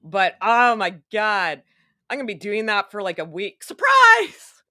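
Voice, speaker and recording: Chatty sarcastic woman rambling on her live stream, bright tense voice, mid pitch. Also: moderate pace, no room sound, studio quality. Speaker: online show host. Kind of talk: casual live-stream commentary.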